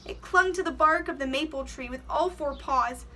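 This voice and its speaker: A woman's voice: sits high, normal speed, pushed and bright, distant mic, a little hiss or hum. A woman teacher reading a children's storybook aloud, giving the characters voices and stopping to explain words to the kids.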